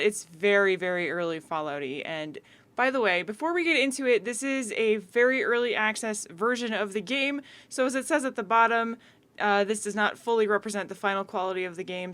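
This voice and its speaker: A woman's voice: medium pitch, a bit bright. A young woman hosting a casual let's-play, chatting as she picks skills, rambling and correcting herself with small laughs. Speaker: gaming video host.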